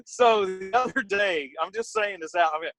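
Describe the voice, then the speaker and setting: A man's voice: sits high, measured pace, fairly bright tone, soft background music, rough recording. A man co-hosting a casual talk show, chatting in a laid-back way and laughing easily. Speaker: podcast co-host. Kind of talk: casual chat.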